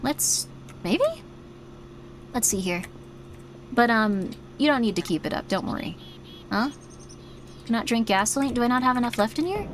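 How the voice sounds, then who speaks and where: A woman streaming a game, talking in a chatty, playful way, easily startled and soft when guiding a breathing exercise. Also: a little high, lively intonation, normal speed, long pauses, a little hiss or hum. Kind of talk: casual game commentary.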